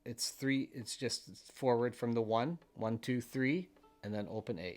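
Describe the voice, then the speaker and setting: A man's voice: medium pitch, moderate pace, creaky. A man giving a patient fiddle lesson, explaining scales and counting the beats aloud. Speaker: fiddle teacher. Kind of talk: step-by-step instrument lesson. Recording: with fiddle playing in between.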